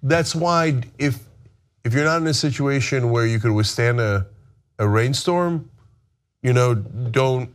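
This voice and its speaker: A man chatting casually on a podcast, telling stories in an animated, self-deprecating way and acting out the quotes. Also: mid-range voice, a little slow.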